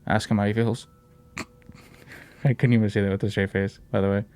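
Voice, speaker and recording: A man's voice: fairly low pitch, flat delivery, fairly quick, a little mellow, clear, resonant tone, no echo. A man hosting a casual podcast, brash and joking, swearing and saying "bro" and "dude" a lot. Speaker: podcast host.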